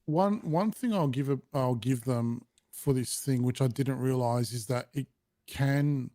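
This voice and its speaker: A man's voice: medium pitch, warm tone, dry recording. Man, podcast host, casual chat, hesitant fillers, dry close mic. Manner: reads a statement aloud while trying not to laugh; halting, with many fillers and restarts.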